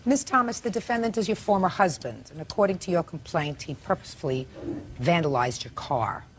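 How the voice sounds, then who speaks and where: An older woman presiding as a judge, cross-examining witnesses in a sharp, brisk courtroom manner. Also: on the low side, animated, slight background noise. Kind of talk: courtroom questioning.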